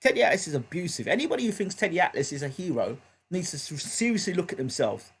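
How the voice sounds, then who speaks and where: Man, husky voice, pitched a bit high, heated repetitive boxing rant, live reaction host. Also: very animated, fast talker. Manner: emphatic, repeats points heatedly.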